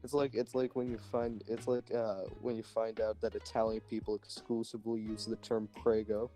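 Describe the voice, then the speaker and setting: A man's voice: fairly low pitch, flat delivery, moderate pace, warm tone, faint music behind. A young man chatting casually while streaming a game, rambling and joking and swearing freely. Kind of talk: casual gaming chat.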